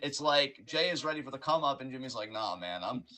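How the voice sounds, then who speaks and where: A man co-hosting a casual podcast chat over a call, lively and slipping into character voices as he talks. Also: mid-range voice, fast talker, poor audio. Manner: animated, acts out quotes in character voices. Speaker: podcast co-host. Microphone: remote call mic.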